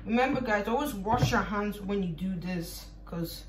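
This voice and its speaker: A woman's voice: medium pitch, moderate pace. A young woman from Ireland chatting casually in her home kitchen while baking, rambling, joking and swearing freely. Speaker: vlogger. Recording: noisy home recording.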